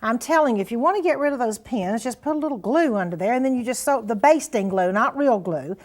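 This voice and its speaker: A woman's voice: on the high side, expressive, fast, a little mellow. An older woman hosting a sewing show, demonstrating steps in a folksy, encouraging way. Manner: chatty, folksy, encouraging, says "honey" and "now then".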